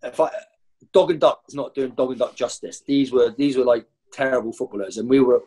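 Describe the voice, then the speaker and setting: A man, a former professional footballer, telling rowdy stories as a guest and jumping high in pitch when he acts out other people. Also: brisk. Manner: animated, jumps high when acting out others. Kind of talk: anecdotal storytelling.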